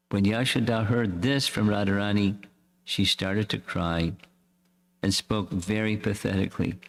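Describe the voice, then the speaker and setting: A man reading a devotional story aloud in a slow, measured way, as a swami. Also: fairly low pitch, fairly even intonation, gravelly. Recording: echoey hall reverb.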